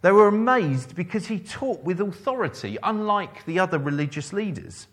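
A man's voice: sits high, very animated, moderate pace, fairly bright tone. A man preaching a sermon, quoting scripture and repeating key phrases for emphasis.

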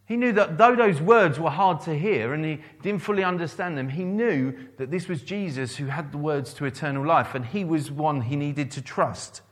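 Earnest male preacher, slightly high voice. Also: normal speed, hardly any pauses. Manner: earnest preaching, quotes scripture, repeats phrases for emphasis. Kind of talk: sermon.

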